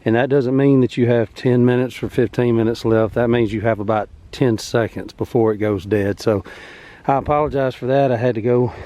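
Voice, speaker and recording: A man's voice: medium pitch, fairly even intonation, fairly quick, dark tone. A man, out of breath, rambling easily and with many fillers as he walks through his vegetable garden outdoors. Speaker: farm vlogger. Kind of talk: casual garden walkthrough.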